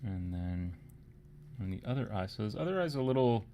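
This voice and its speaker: A man's voice: lowish voice, lively intonation, normal speed, mellow, slight background noise. A man casually talking through a live miniature painting tutorial, thinking aloud and sometimes dropping to a murmur.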